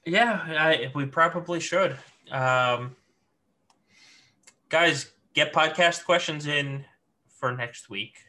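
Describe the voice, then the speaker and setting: Bright-voiced man co-hosting a gaming podcast. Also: fairly high pitch, takes it slowly, long pauses. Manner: easygoing, rambling with many fillers. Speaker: podcast co-host. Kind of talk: casual gaming podcast chat.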